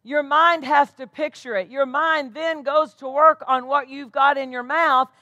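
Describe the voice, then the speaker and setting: A woman's voice: sits high, fairly even intonation, unhurried, sharp tone, no room sound. A woman pastor preaching a sermon, emphatic and calling out rhetorical questions to her congregation.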